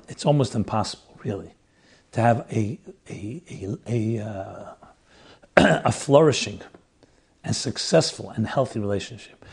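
Guy giving a faith talk on marriage, husky voice, losing it, middle pitch, piles on lists. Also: a little mellow. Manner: earnest, explains with lists and repetition. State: losing his voice. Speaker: speaker on relationships. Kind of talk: religious talk.

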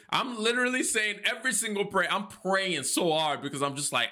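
A man's voice: fairly high pitch, a little fast, few pauses, bright, forceful tone. A man hosting a solo podcast, telling a story with animation and acting out his own panicked thoughts. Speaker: podcast host.

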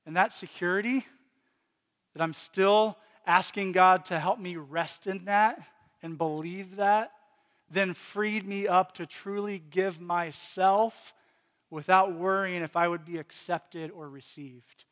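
A pastor from Virginia delivers a heartfelt sermon, sharing personal struggles with many restarts and repetitions. His voice sits high for a man. It carries with a long reverb through a large church hall. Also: a little slow, fairly bright tone. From Virginia, USA.

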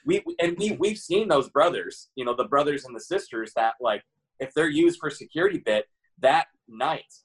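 Dude chatting on a podcast, husky voice, earnest, says "you know" a lot. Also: male voice, medium pitch, animated, normal speed, poor audio. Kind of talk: casual podcast chat.

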